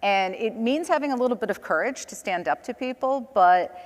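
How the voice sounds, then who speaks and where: A woman's voice: fairly high pitch, expressive, moderate pace, big-room sound. A woman speaking as a guest on a conference panel, a chatty storyteller who laughs between her points. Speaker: panel guest, communications director. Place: conference stage.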